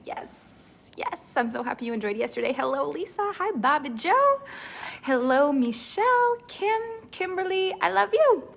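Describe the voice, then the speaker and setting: A woman with a slightly high voice runs a live online mentoring session. She chats warmly with the viewers who join, then settles into earnest, repetitive teaching. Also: creaky. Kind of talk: live-stream coaching talk.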